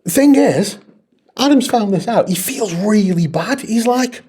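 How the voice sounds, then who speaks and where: A man chats casually as co-host, his pitch rising and falling a lot as he tells stories. He swears freely and breaks into laughter often. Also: lively intonation, measured pace, dark tone, slight background noise. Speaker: podcast co-host. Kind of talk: casual chat.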